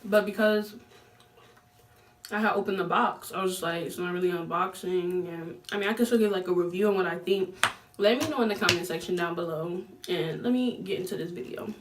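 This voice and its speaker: A woman's voice: lowish voice, a little fast, far from the mic, a little hiss or hum. Young woman, vlogger, slangy storytime chat, set back from the mic. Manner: slangy, animated, lots of fillers.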